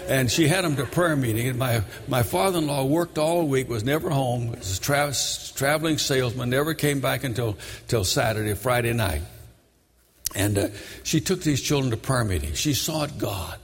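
An older man preaching a sermon, telling the story dramatically and shouting high when he voices its characters. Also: moderate pace, husky. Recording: long reverb of a large hall.

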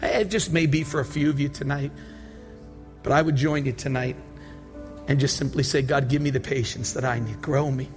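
A pastor preaching a sermon and leading an altar call prayer, pleading and repetitive, building to shouted prayer. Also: male voice, mid-range voice, steady tone, moderate pace, faint music behind.

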